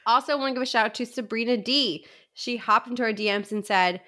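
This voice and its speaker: Lively woman co-hosting a book podcast. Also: on the high side, quick pace, hardly any pauses. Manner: animated, reads listener messages aloud. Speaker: podcast co-host. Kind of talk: casual book chat.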